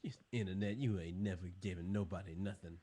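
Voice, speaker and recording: A man's voice: sits low, fairly even intonation, fast, mellow, slightly rough. A young man co-hosting a podcast, a loose and slangy storyteller who laughs often. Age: young adult. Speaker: podcast co-host. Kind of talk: casual chat.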